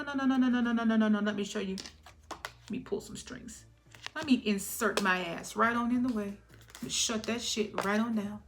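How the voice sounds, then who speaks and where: A woman's voice: on the high side, lightly acted. A woman voicing a scheming controlling ex. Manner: taunting, shifts into whispered confessions and fake sweetness. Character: scheming controlling past lover, female, manipulative and spiteful.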